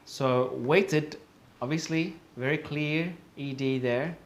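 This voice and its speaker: In an online pronunciation lesson, a man patiently repeats each English word for learners, often using fillers and correcting himself. His voice is fairly high and he speaks slowly.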